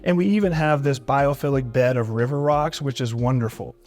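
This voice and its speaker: A real estate agent leads an upbeat walkthrough tour of a house for a vlog, going room to room and praising each feature, repeatedly calling things "really neat" and "beautiful." His medium-pitched, darkish voice moves a bit fast over soft background music.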